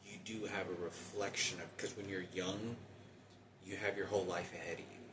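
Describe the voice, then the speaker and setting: A man in his forties talking in a halting, rambling personal monologue with many restarts. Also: deep voice, flat delivery, roomy sound, distant mic, noisy background. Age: 40s.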